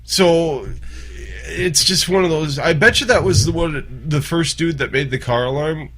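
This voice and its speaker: A man's voice: a little high, unhurried, fairly bright tone. A man hosting a podcast, ranting bluntly and with plenty of profanity in casual chat. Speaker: podcast host.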